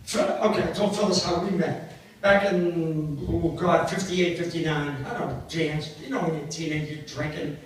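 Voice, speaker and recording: A man's voice: fairly high pitch, fairly even intonation, moderate pace. Older man telling jokes in an echoey hall. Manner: joking, rambling, self-mocking. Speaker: party entertainer. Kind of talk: comic storytelling to a live party. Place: party hall. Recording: echoey hall from far off, noisy.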